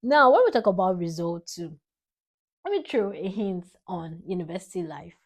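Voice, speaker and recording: A woman's voice: on the low side, normal speed. Emotional young Nigerian woman. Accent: Nigerian English. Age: young adult. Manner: emotional, rambling, animated spikes of excitement. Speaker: vlogger. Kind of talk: heartfelt tribute to her father.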